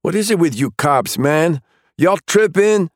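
A man's voice: on the high side, expressive, unhurried, dry recording, clean studio sound, pitched above the performer's own voice. Man putting on a cursing teen gunman. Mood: rattled. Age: late teens. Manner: snarling street slang, cursing. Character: young male armed suspect, defiant, foul-mouthed.

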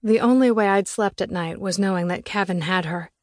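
A woman's voice: medium pitch, brisk, a little mellow, no room sound. A woman narrating a first-person audiobook in an earnest, reflective manner, recorded close on a studio mic.

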